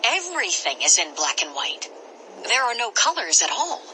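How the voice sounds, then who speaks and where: A woman narrates an interactive storybook adventure in a very bright, crisp voice. Her reading is expressive, and she pauses for drama before each choice. A faint hiss sits under the voice. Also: mid-range voice, poor audio.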